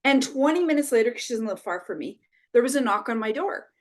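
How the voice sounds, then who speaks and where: Animated woman telling stories. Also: a little high, fast. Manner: animated storyteller, tags "right?". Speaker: brand expert guest. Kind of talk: conversational interview.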